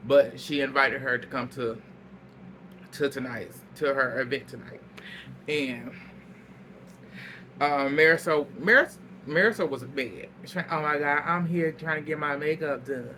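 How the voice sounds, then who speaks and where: Guy gossiping thru a reality show recap, bright voice, laughs and cusses a lot, bit of hiss behind. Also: fairly high pitch. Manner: animated storytelling, laughs a lot, salty language. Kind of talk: casual recap chat.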